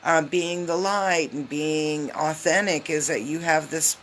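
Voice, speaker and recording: A woman giving a casual live tarot reading on a phone, chatty and loose, with lots of filler ums and quick hellos to her viewers. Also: low-pitched, steady tone. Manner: greets viewers mid-reading. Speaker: tarot reader.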